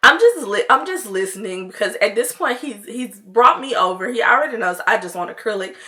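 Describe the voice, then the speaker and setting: Bright, chatty woman telling a story. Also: fairly high pitch, expressive, a little fast. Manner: chatty, laughing asides, addresses viewers. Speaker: storytime vlogger. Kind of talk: casual storytime chat.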